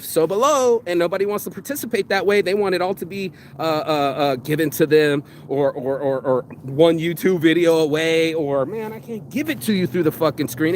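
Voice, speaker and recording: A man from Las Vegas speaks with a somewhat raised pitch as he rants at his viewers in a casual vlog. His talk is blunt, profane and streetwise, and he keeps calling the listener bro. A faint hum of noise sits under his voice. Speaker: vlog host. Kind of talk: casual motivational rant.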